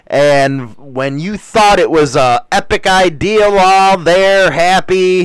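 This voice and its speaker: A man's voice: sits high, slow pace, smooth. A man hosting a casual livestream, rambling through crude, profane jokes while reading from the chat.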